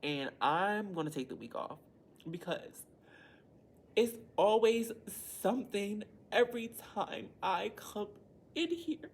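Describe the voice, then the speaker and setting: A woman's voice: medium pitch, animated, slow pace, slight background noise. A woman teacher venting to the camera in a heated, blunt way, swearing a lot and speaking.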